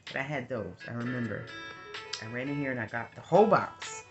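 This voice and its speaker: A woman's voice: extremely low pitch, a little fast, dull audio. A woman giving a casual spiritual message as a healer and advisor, chatty and meandering with lots of asides. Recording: guitar music playing clearly behind. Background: guitar music.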